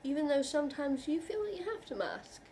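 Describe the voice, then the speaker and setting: Earnest, halting woman vlogger, fairly high voice. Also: very animated, warm tone, a little hiss or hum. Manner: earnest and reassuring, halting with frequent restarts; heartfelt, openly emotional. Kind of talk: personal talk to camera.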